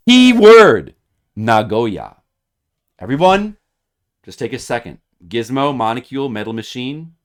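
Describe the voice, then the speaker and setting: A man streaming a retro video game, talking to his audience in a mock-dramatic way that swings from loud hype to quiet muttering. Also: medium pitch. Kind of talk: casual gameplay commentary. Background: video game music.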